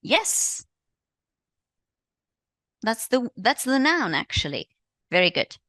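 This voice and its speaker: A woman's voice: a little high, sing-song, slow, pushed and bright, dry recording, studio quality. A woman with a Tunisian accent, a native Arabic speaker, giving a live English exam revision lesson, repeating answers and praising students often. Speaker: English teacher.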